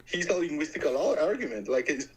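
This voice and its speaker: Accented male caller, slightly high voice, stumbles and repeats himself in a debate. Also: big pitch swings, fast talker, breathy edge, rough recording. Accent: foreign accent. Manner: stammering, repeats words, joking. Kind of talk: live-stream debate.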